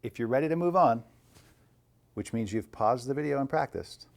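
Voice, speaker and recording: A man teaching an online percussion lesson, calmly coaching and counting rhythms aloud. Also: medium pitch, normal speed, creaky.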